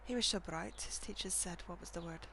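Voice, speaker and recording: A woman voicing an old woman quietly recalling a dream about her lost son, in a soft, hushed, reflective reading. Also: on the low side, a little fast, vocal fry, background noise. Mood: wistful.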